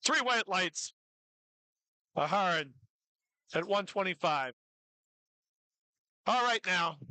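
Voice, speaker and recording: A meet commentator calling live weightlifting attempts, who cheers lifters on excitedly and drops jokey asides between lifts. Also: mid-range voice, takes it slowly, dry recording, poor audio.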